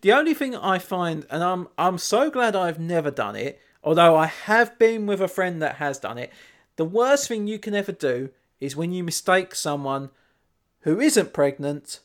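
A British man in casual chat, telling lively anecdotes with swearing. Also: high voice, moderate pace.

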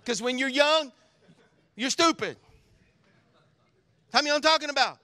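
A man with a very high-pitched voice, talking at normal speed, preaches as pastor to his congregation. He engages them through call-and-response and moves between solemn, quiet reading and loud, animated preaching.

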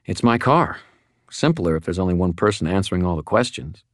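A man's voice: low voice, lively intonation, fairly quick, dry recording. A man voicing a tough, weary woman police detective in an audiobook, with a blunt, dry way of talking. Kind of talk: audiobook character voice.

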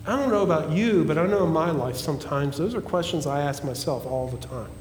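A male pastor preaching a sermon, emphatic and repetitive, dropping at times to a hushed, pleading tone. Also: on the high side, a little fast, slight background noise. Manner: emphatic preaching with repeated phrases and swings from loud to hushed. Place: church sanctuary. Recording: echoey church hall.

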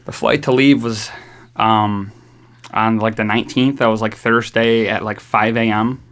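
A man's voice: fairly low pitch, steady tone, measured pace, fairly bright tone. Rambling young man with a New York accent. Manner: rambling, lots of "like", swears freely. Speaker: podcast host telling a story. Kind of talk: casual storytelling chat.

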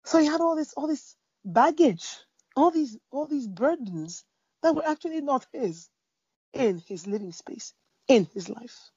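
A woman speaking about faith in a conversation, telling a parable with lively storytelling, fillers and restarts. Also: high voice, unhurried, no echo, lo-fi sound. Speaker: Christian speaker. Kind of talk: preaching in a conversation.

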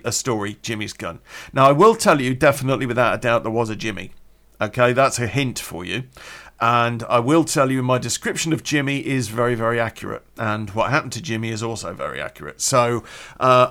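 A man's voice: mid-range voice, a bit bright. A male podcast host chatting loosely into his mic. He rambles, drifts off on asides and chuckles at his own jokes. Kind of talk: casual storytelling podcast intro.

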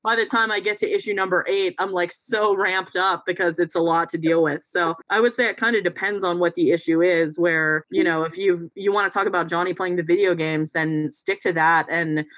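Attorney explaining calmly, dry close sound. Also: medium pitch, fairly quick, hardly any pauses, no room sound. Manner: explanatory, hedging with frequent "you know" and "like". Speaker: family law attorney. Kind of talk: casual podcast discussion.

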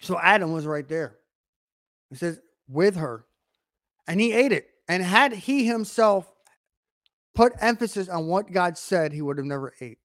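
A man's voice: high voice, animated, a little slow, pauses often, a bit bright, no room sound, studio quality. A man preaching a conversational sermon, adding frequent asides and repeating phrases for emphasis.

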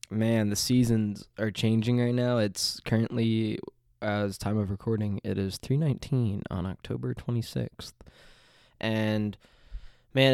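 A man's voice: lowish voice, a little mellow, smooth, no room sound, studio quality. A man in his twenties hosting a casual solo podcast, sounding congested and nasal from allergies, rambling with lots of ums and restarts. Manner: rambling, hesitant, with many fillers and restarts. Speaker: podcast host.

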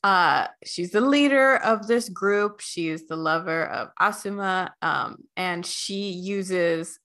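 A woman co-hosting a podcast, chatting casually and chiming in with quick agreement. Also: on the low side, fairly bright tone. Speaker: podcast co-host. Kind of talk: casual chat.

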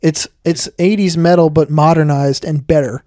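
A man co-hosting a podcast with wry, teasing humor and a mellow, fairly high voice. His voice sits dry and close to the mic. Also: steady tone, moderate pace, no echo. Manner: wry, teasing, laughs often. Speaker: podcast co-host. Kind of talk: casual comedic banter.

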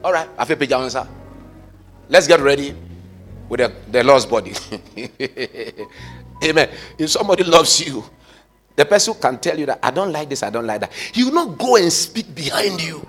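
A pastor preaching a fervent sermon, swinging between loud shouted calls and quiet asides, slipping into sung phrases. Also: male voice, a little high, expressive, moderate pace, long pauses, breathy edge, soft background music.

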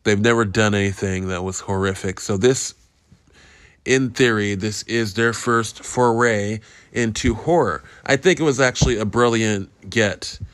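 A man's voice: on the low side, unhurried, a bit bright, smooth, dry recording. Rambling, profane male podcast host. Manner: rambling, profane, self-interrupting. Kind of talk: casual solo movie review podcast.

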